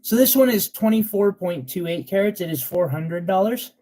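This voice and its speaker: A man's voice: high voice, expressive, moderate pace, dark tone. A man selling gemstones on a live stream, chatting in a casual, sentimental way with loose fillers. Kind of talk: casual live sales chat.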